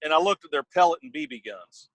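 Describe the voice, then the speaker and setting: A man's voice: a little high, fast talker, a bit bright, rough recording. A man co-hosting a casual talk show, chatting in a laid-back way and laughing easily. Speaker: podcast co-host. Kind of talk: casual chat.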